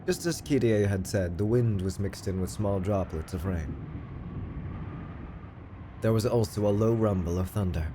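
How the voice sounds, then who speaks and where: A man streaming himself reading a visual novel aloud in a steady, low-key narrating voice. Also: moderate pace, pauses often, background noise.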